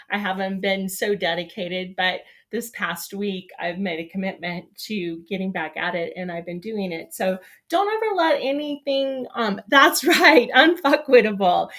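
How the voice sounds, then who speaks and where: A woman's voice: fairly high pitch, fairly bright tone. A woman hosting a livestream show, chatting casually in a rambling, upbeat, encouraging way. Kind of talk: casual chat.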